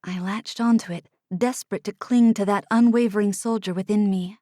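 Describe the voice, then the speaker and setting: A woman narrating a first-person fantasy audiobook in a hushed manner, sometimes dropping to an unvoiced whisper, close to a studio mic. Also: mid-range voice, steady tone, moderate pace, no echo. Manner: hushed, drops to unvoiced whispers in tense passages.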